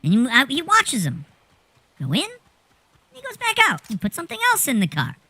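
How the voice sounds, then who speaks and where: A woman telling a rambling anecdote in a casual, animated way, swearing freely as she goes. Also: high voice, normal speed, breathy edge, no echo. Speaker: storyteller.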